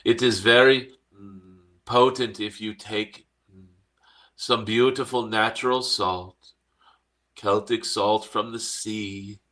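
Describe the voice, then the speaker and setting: A man channeling a slow, serene cosmic dragon. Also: lowish voice, bright, forceful tone. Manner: slow and serene, hums "mm" between phrases. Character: benevolent cosmic dragon spirit, gentle and wise. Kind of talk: channeled spiritual message and guided meditation.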